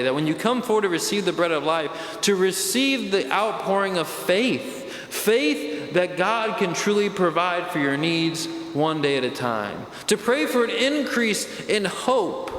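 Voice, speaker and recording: A man, a priest preaching a sermon, speaking emphatically and slowing down, dropping low on key words. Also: a bit bright, slight background noise. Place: church. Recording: echoey church hall from a distance.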